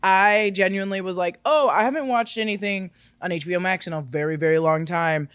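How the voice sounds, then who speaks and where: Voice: mid-range voice, a little fast, a bit bright, smooth, no echo. A co-host in casual pop-culture chat, chatty and playful, laughing often.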